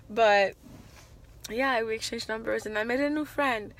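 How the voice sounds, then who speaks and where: A young woman telling a story in a casual vlog, animated and exclamatory. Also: a little high, moderate pace. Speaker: vlogger.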